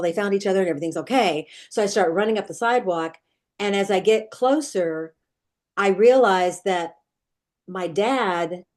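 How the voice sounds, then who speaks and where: With a medium-pitched, somewhat dark voice, the same kind of guest, a middle-aged dream expert, tells an interviewer about a nightmare from her childhood. She describes it earnestly and vividly, though she keeps starting over.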